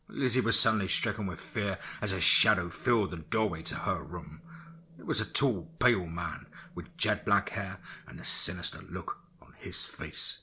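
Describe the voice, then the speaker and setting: A man narrating a dark horror story in a steady storytelling manner. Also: normal speed, breathy edge. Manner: steady storytelling, drops low for grim lines.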